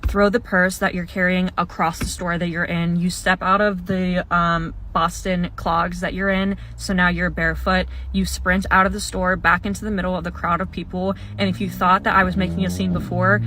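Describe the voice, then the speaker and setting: A woman's voice: fairly low pitch, fairly bright tone, a little hiss or hum. A young woman casually recounting her own mishap, telling it in second person and laughing now and then. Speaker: storyteller. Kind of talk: casual storytime.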